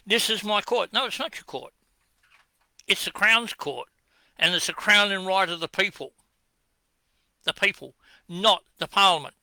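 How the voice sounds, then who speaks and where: Australian man with a high, bright voice, combative monologue, dry close sound, answers his own questions. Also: smooth, no room sound. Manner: combative, accusing, rhetorical questions. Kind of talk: ranting address to camera.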